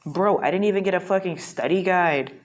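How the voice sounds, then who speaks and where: A woman's voice: fairly low pitch, fairly quick. A woman vlogging a casual, reflective monologue, rambling and frank with plenty of profanity, from a hotel room.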